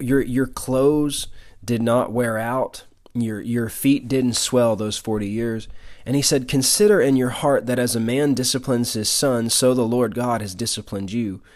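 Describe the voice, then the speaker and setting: A man preaching a sermon, reading scripture aloud and explaining it with emphatic asides and frequent repeated words. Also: medium pitch.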